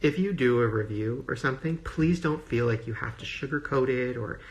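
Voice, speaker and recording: A man's voice: mid-range voice, moderate pace. A man on a phone livestream, gushing and rambling in casual emotional talk full of fillers. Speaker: social media personality on a livestream.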